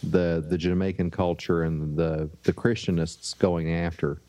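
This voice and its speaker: A man's voice: low voice, little pitch movement, unhurried, mellow, a little hiss or hum. A man from the southern US on a comedy podcast panel, talking hesitantly with hedges and fillers over call audio. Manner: hesitant, hedging, many fillers.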